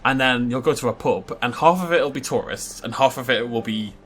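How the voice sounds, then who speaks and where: A man's voice: mid-range voice, fairly quick, fairly bright tone, a little hiss or hum. A young man hosting a casual let's play, chatty and self-mocking, rambling into anecdotes as he plays. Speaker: gaming video host.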